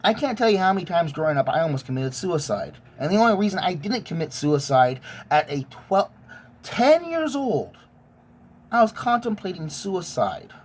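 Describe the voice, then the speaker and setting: A woman's voice: fairly low pitch, sing-song, normal speed, a little mellow, breathy edge. A woman giving a blunt, profane, emotionally intense rant as a vlogger. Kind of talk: profane ranting monologue.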